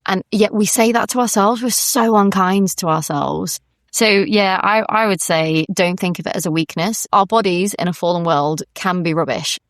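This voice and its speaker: Earnest woman, low-pitched. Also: no echo, studio quality. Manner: earnest, reflective, with frequent restarts. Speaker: podcast guest. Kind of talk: candid faith conversation.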